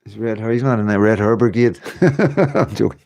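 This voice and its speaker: Man in his fifties hosting a home livestream, loose and chatty, reads out comments, quick to laugh. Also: on the low side, lively intonation, gravelly, a little mellow. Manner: chatty, rambling, laughs often. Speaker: livestream host. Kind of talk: casual livestream chat reading comments.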